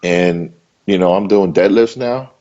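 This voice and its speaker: Emphatic low-voiced man, dull lo-fi sound. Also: a little slow, mellow. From Maryland. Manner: emphatic, repetitive, loose and conversational. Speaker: interview guest, bodybuilder. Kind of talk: casual interview talk.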